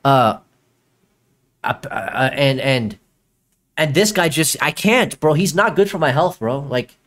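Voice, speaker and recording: A young man with a fairly high voice rants through a live reaction stream, exasperated and swearing, loud and laughing in disbelief. His throat is sore from all the yelling. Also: animated, slow pace. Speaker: YouTube commentator reacting to a video.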